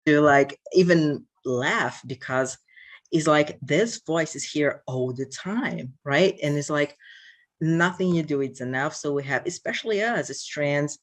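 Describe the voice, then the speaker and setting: Host, reflective casual talk, searches for words, mid-range voice. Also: medium pitch. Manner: thoughtful, halting, searching for words. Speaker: host and diversity company CEO.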